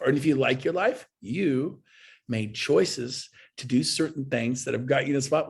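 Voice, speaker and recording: A man's voice: medium pitch, moderate pace, vocal fry, breathy edge. A middle-aged man giving a folksy, emphatic motivational talk on a video call, repeating his phrases for effect. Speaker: guest speaker at a real estate webinar.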